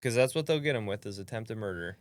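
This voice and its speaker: A man's voice: on the low side, expressive, quick pace, no room sound. A man hosting a podcast in casual chat, laid-back and laughing often as he wraps up the episode. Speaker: podcast host.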